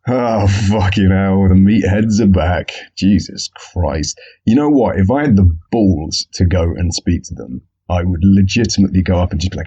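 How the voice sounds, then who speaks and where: A man's voice: low-pitched, normal speed, warm tone, slightly rough. A young man hosting a podcast in a comedic solo monologue, sarcastic and swearing a lot. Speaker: podcast host. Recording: dull lo-fi sound.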